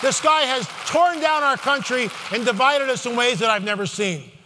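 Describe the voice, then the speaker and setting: A man's voice: very high voice, normal speed, big-room sound, noisy background. A man giving an impassioned conference talk from a stage, fervent and emphatic, with many asides and restarts. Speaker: conference speaker.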